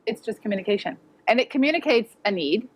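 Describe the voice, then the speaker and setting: A woman's voice: a little high, lively intonation, fast talker, husky. A woman educator giving a direct, practical conference talk to parents. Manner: direct, practical, acts out quoted voices. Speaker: educator presenting. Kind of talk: conference presentation. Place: conference hall with audience.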